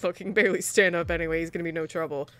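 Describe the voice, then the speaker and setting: A woman voicing a nervous male go-between in a tabletop game, apologizing and trying to smooth things over. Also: on the high side, steady tone, pushed and bright. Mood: placating. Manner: apologetic, placating, hurried.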